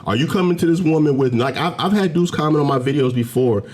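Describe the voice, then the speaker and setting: A man talking straight to the camera in a commentary video, emphatic and preachy, climbing to loud, heated peaks as he argues. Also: on the high side, quick pace, slight background noise. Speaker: commentary channel host. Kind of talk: direct-to-camera commentary rant. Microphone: camera mic, facing camera.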